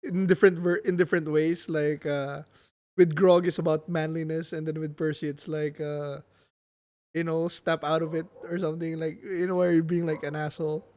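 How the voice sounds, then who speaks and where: Man, slightly high voice, podcast co-host, casual, enthusiastic. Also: little pitch movement, moderate pace, darkish tone. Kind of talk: casual chat reviewing shows.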